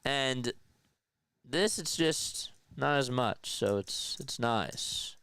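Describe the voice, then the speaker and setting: Chatty male stream host calling pitches between viewer shout-outs, smooth and resonant, dry sound. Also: animated, drawn-out words, no room sound. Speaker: livestream play-by-play host. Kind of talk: casual live play-by-play with chat reading.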